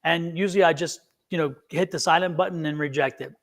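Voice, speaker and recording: A man's voice: fairly high pitch, fast talker. A man who reads tarot, chatting casually on a live stream and telling a rambling story, acting out each voice in the conversation. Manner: animated storyteller who acts out both sides of conversations. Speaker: tarot reader and show guest.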